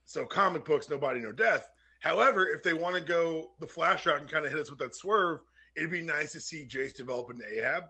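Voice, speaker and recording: A man co-hosting a podcast, chatting casually and joking, with quick comic-book references. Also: on the high side, sharp tone, breathy edge. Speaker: podcast co-host. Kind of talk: casual chat.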